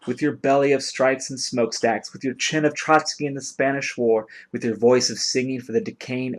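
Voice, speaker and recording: A man giving a dramatic reading of a long poem in an incantatory, chanting rhythm. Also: mid-range voice. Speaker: poetry reader.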